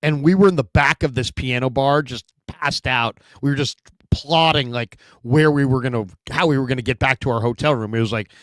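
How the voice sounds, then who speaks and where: A man hosting a sports talk show in casual chat, telling stories with lively acted-out quotes. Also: mid-range voice, brisk, dry recording, clean studio sound. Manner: animated storyteller, acts out quotes.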